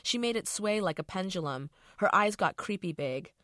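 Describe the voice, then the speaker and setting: A woman's voice: mid-range voice, lively intonation, moderate pace, fairly bright tone, dry recording, studio quality. A middle-aged woman author reading her novel aloud in a casual, profane first-person voice.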